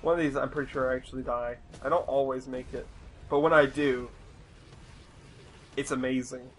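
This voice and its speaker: A man's voice: medium pitch, fairly even intonation, moderate pace, slight background noise, poor audio. A young man from the United States giving casual, rambling gameplay commentary with plenty of swearing and exasperation. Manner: rambling, profane, easily exasperated.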